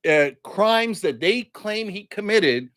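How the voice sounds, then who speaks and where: A man's voice: sits high, expressive, takes it slowly, fairly bright tone. A man hosting a political commentary show, delivering a mocking, sarcastic monologue.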